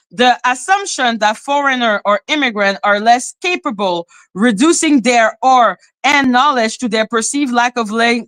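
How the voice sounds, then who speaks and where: A woman's voice: fairly high pitch, fairly bright tone. A woman from Canada with a French accent, hosting a livestream commentary in a blunt, profane, indignant way. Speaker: commentary channel host.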